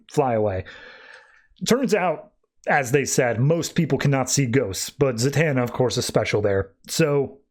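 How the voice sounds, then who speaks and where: A man hosting a podcast, casually recapping a comic book in a loose, rambling way. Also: mid-range voice. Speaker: podcast host.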